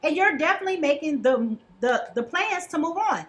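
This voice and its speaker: In a high-pitched, expressive voice and at a slightly quick pace, a woman gives a chatty, colloquial tarot reading, often checking in with "okay?". The recording quality is low.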